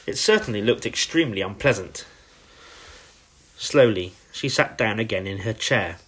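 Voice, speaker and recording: Reading a children's audiobook aloud, a man tells the story with dramatic expressiveness. His voice sits on the lower side and has a husky quality.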